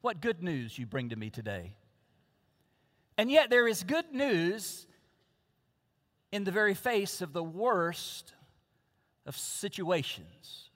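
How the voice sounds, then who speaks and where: A man's voice: high-pitched, very animated, takes it slowly, long pauses, a bit bright. A man preaching a sermon from the pulpit, emphatic and repeating his key phrases. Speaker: pastor. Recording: long reverb of a large hall.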